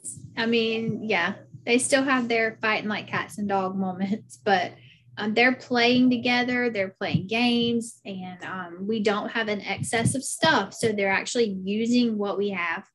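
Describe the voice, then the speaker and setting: A woman's voice: medium pitch, unhurried, fairly bright tone. Chatty Southern woman guest. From South Carolina, US. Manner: chatty, many fillers and "like"s. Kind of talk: casual interview chat.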